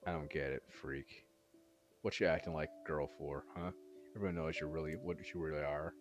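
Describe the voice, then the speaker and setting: A man's voice: a bass voice, steady tone, fairly quick, soft background music, voice pushed down. A man doing a sneering village bully. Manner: sneering, taunting. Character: cruel loudmouthed village bully boy.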